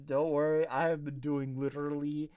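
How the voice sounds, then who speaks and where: A man's voice: on the high side, smooth, no echo. A man hosting a let's play who chats casually and animatedly with a guest. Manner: animated, quick to laugh. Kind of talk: casual gameplay chat.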